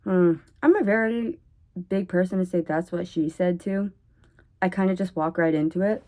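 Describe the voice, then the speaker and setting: A woman's voice: medium pitch, normal speed. Chatty woman rambling on her vlog. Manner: chatty, oversharing, jumps between topics; animated, with sudden loud bursts. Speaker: vlogger. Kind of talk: rambling casual monologue.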